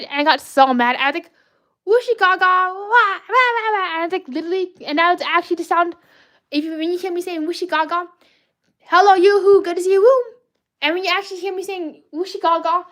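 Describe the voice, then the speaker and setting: Woman, high bright-ish voice, excitable livestream art host, rambling, greets chat constantly. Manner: bubbly, rambling, cheers and greets viewers; self-corrects and restarts often. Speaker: livestream host drawing fan art requests.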